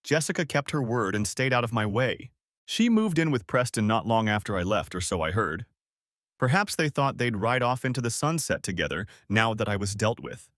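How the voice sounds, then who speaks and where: A man reading a scripted first-person story, measured and cold in tone. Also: mid-range voice, animated, fairly bright tone, dry recording, studio quality. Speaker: story narrator.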